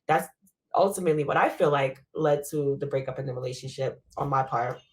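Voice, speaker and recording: A woman's voice: rumbling low, brisk. A woman in casual podcast chat, reflective and earnest, often saying "you know".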